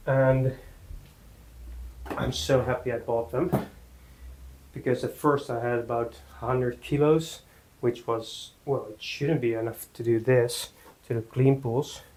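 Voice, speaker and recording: A man giving a casual workout talk in his home gym, halting with many fillers and out of breath between sets. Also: mid-range voice, steady tone, a little mellow, poor audio. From Netherlands. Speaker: fitness vlogger.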